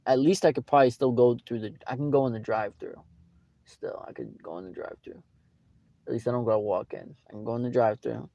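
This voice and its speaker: A man playing a gravelly, sulky real-life Sonic the Hedgehog. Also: medium pitch, quick pace, mellow, no echo, lo-fi sound, natural voice. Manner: rambling, aggrieved, repetitive complaining. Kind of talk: improvised comedic rant.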